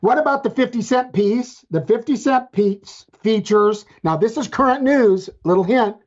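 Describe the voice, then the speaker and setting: Joking male podcast co-host, lo-fi. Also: high voice. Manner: playful, joking, quick restarts. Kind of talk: casual chat. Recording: dull lo-fi sound.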